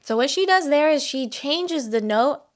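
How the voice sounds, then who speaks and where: A woman's voice: sits high, expressive, moderate pace. A woman co-hosting a podcast, patiently teaching vocal riffs step by step and singing short demonstrations. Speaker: vocal coach and podcast co-host. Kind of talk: vocal riff lesson.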